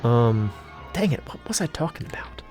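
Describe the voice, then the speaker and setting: A man's voice: mid-range voice, big pitch swings, normal speed, darkish tone, soft background music. A man hosting a casual let's play of retro games, rambling and forgetful with lots of fillers. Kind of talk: casual gameplay commentary.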